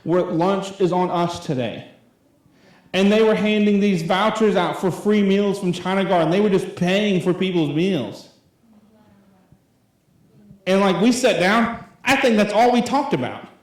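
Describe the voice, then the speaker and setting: A man's voice: sits high, measured pace. Rambling young man preaching in an echoey hall. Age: 20s. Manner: rambling and conversational, full of fillers. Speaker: youth pastor. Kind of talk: sermon. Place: church hall. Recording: very echoey church room.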